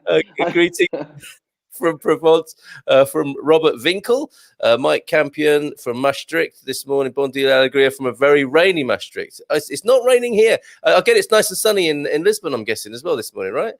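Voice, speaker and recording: A man's voice: a little high, lively intonation, creaky, no echo. A man hosting a live show, chatting and reading out viewer comments with plenty of restarts. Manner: chatty, halting, with many restarts. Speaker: host.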